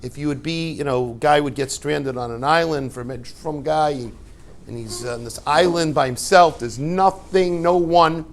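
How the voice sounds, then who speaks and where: A man's voice: fairly high pitch, measured pace. A man, a rabbi and yeshiva head, giving an informal Torah talk to a class, telling stories with rhetorical questions and joking asides.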